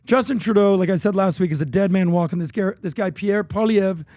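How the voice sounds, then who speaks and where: A man co-hosting a podcast, telling stories with animated energy. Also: high-pitched, a little fast, no echo. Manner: animated storytelling with impressions. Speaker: podcast co-host. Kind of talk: casual podcast banter.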